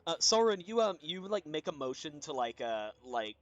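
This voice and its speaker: A man's voice: a little high, very animated, normal speed, highs cut off. A man narrating a tabletop game as game master, hesitant, with many ums.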